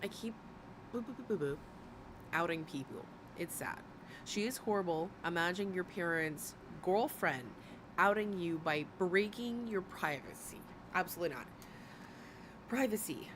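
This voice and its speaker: A woman's voice: on the low side, lively intonation, normal speed, noisy background. A woman streamer in casual commentary, worn out from hours of talking, rambling and breaking off with giggles. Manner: rambling, self-interrupting, giggly. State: tired from long talking.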